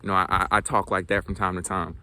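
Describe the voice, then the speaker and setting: A man's voice: deep voice, level tone, fast, sharp tone, slight background noise. A young man from South Georgia with a light Southern accent, talking casually to camera about learning languages, earnest and reflective, with frequent fillers and restarts. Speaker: language vlogger.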